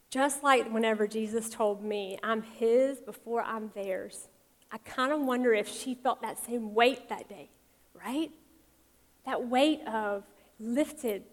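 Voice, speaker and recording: A woman who is a mother, giving a conversational, lively sermon and acting out quotes. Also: fairly high pitch. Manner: conversational, animated, acts out quotes, soft for tender parts. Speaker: speaker at a women's or church talk. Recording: long reverb of a large hall.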